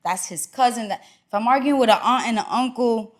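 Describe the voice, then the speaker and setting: A woman talking as a podcast guest in casual chat, earnest and emphatic. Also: a little high. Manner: earnest and emphatic, quick reactions.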